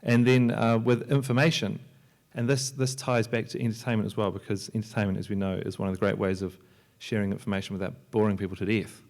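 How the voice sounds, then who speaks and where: Male panel speaker, low-pitched, relaxed and joking, stumbles and restarts a lot. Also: fast talker, gravelly, hardly any pauses. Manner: joking, loose, with many restarts and fillers. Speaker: panel speaker, software entrepreneur and filmmaker. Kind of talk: conference talk. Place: lecture hall at a library.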